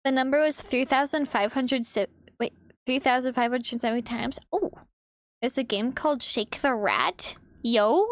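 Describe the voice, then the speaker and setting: A young woman streamer chatting casually while she draws, animated and swearing freely, laughing often. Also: sits high, moderate pace, no room sound. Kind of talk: casual chat while drawing. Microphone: desk microphone.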